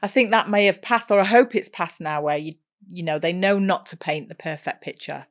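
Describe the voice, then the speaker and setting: A middle-aged woman co-hosting a casual chat podcast, agreeable and quick to laugh. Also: lowish voice. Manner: agreeable, laughs often, lively. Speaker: podcast co-host.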